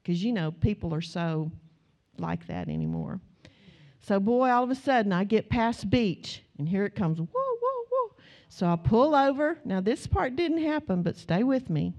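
An older woman delivers a sermon, her voice mellow and warm. She tells a story with plenty of life and slips into her family members' voices as she goes. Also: mid-range voice, very animated, normal speed. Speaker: pastor.

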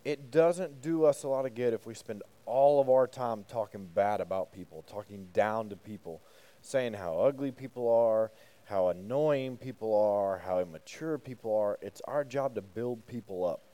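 A youth pastor with a mellow, somewhat low voice gives a casual sermon at a moderate pace. Speaking conversationally, he poses questions to the group and slips in jokes between points.

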